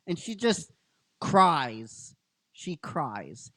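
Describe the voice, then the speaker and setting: Slow, rambling male podcast host. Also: a little high, expressive, a bit bright, no room sound. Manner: rambling, filler-heavy, keeps asking "right?". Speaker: podcast host and episode writer. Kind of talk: casual chat recapping a story.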